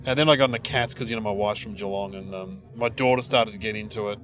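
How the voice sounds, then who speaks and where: A man's voice: quick pace, faint music behind. A middle-aged man hosting a casual comedy chat, telling stories and jumping into voices for the people he quotes. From Australia. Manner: animated storyteller, jumps into high-pitched voices for quoted people. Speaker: podcast host.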